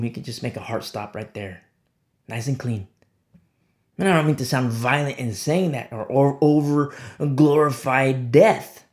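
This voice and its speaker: A man delivers a sermon from the pulpit in a middle-pitched voice. He dips into low, quiet warnings, then leaps into sharp, high exclamations to drive each point home. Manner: emphatic, swinging from low hushed lines to sharp high exclamations. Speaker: pastor.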